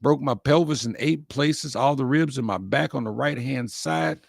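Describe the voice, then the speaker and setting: Hosting an inspirational livestream show, a man gives a heartfelt motivational talk in folksy phrasing, repeating his key lines. His medium-pitched voice has vocal fry and a moderate pace, recorded clean with studio quality and no room sound.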